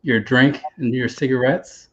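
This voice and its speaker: A male livestream host from the United States chats casually and ramblingly, often stopping and restarting with hesitation. He keeps a measured pace, medium pitch, and steady tone. The recording sounds dull and lo-fi.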